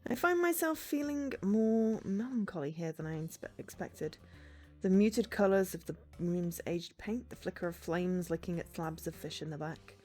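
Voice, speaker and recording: Expressive woman streamer reading a game. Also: on the low side, normal speed. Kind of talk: reading a story game aloud and chatting.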